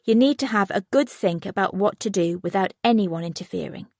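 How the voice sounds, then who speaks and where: A woman's voice: mid-range voice, animated, a little fast, gravelly, darkish tone, dry recording, studio quality. A woman voicing a controlling, persuasive teenage girl in an audiobook, speaking insistently.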